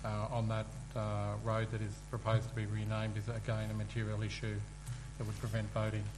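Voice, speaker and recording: Flat-voiced manager, formal tone. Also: male voice, lowish voice, music in the background, poor audio. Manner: flat, measured, formal with fillers. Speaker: general manager. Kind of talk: formal meeting statement.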